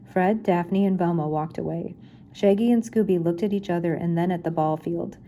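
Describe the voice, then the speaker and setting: An older woman reading a children's chapter book aloud in a gentle, unhurried storytelling manner. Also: on the low side, a little hiss or hum. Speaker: reader.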